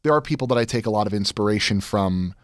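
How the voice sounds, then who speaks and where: A young man with a lowish voice rambles happily as a guest, tripping over his own words when excited. The sound is close and dry, with no room around it. His pace jumps between rushed and drawn out. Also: no room sound. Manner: rambling, excitable, many restarts and fillers. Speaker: guest, audio drama creator. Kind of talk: casual chat.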